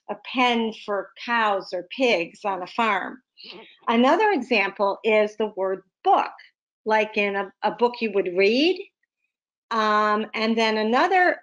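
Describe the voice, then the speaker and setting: A woman literacy tutor giving a recorded vocabulary lesson, explaining slowly with many everyday examples. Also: a little high.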